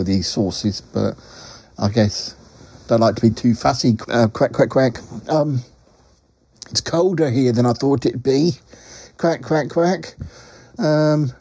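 Comic talking duck, male, slow and hesitant, dry close sound, a man voicing him. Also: medium pitch, dark tone, dry recording. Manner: rambling, full of ums, quacks between phrases. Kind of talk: comic voice message.

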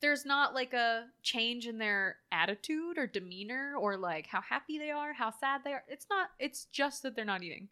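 A woman co-hosting a casual chat, animated and full of filler words, acting out quoted lines as she talks. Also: on the high side, moderate pace, few pauses, smooth. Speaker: podcast co-host. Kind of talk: casual chat reviewing a horror film.

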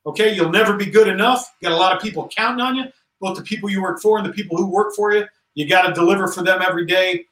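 A man in his forties with a high, bright voice talks about command with emphatic conviction, pressing his points home. He is a bit distant from the mic, and the room gives a noticeable echo. His delivery feels earnest and conversational. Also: fast talker, hardly any pauses. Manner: emphatic and earnest, rising in pitch as he stresses points. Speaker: Army general, podcast guest. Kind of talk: conversational interview talk.

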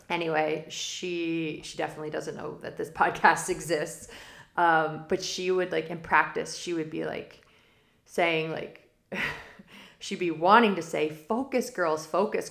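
A woman's voice: deep voice, creaky, fairly bright tone. A woman hosting a spiritual forecast podcast, talking casually and rambling off on tangents with frequent laughs. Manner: rambling and digressive; laughs often mid-sentence. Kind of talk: casual spoken monologue. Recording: roomy echo.

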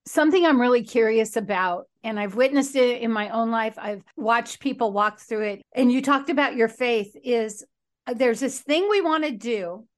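A woman's voice: fairly high pitch, moderate pace. A woman hosting a podcast, who trains recovery coaches, asking reflective and encouraging questions in a conversational way. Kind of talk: conversational interviewing.

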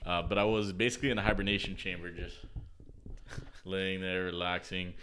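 A man's voice: low-pitched, level tone, fairly quick, background noise. A young man telling a story in a casual podcast chat, laughing often, acting out the people he met, in a slangy, profane way.

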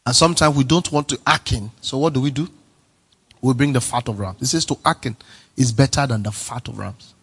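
A male pastor preaching a sermon, emphatic and repetitive, swinging from soft to near-shouting. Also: medium pitch, a little fast, husky.

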